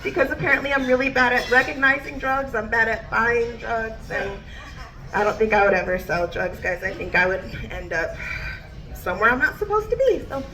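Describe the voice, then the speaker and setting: Give me a bubbly woman comedian telling a story, high and bright, laughing a lot. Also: brisk, a little hiss or hum. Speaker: standup comedian. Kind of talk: standup storytelling.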